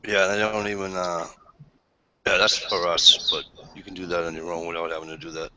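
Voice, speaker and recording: A man's voice: low-pitched, flat delivery, brisk, lo-fi sound, background noise. A man telling crude, blunt anecdotes in a casual group chat. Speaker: panelist.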